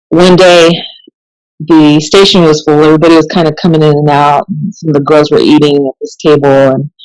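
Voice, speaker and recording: A woman, a police officer, telling stories in a casual podcast conversation, chatty and animated and laughing often. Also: deep voice, no echo, poor audio.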